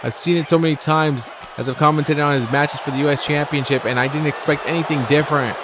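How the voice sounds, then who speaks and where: Excitable man calling wrestling play-by-play. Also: fast, a crowd in the background, background noise. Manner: chatty, excitable, jumps in pitch at big moves. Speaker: video game commentator. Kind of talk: casual play-by-play commentary.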